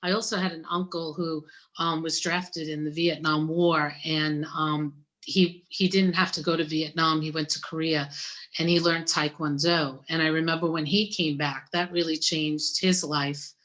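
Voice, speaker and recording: A woman's voice: sits low, little pitch movement, normal speed, a bit bright. Chatty woman host on a video call. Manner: chatty, effusive, joking. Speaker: interviewer, university gift planning director. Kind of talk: casual video-call interview.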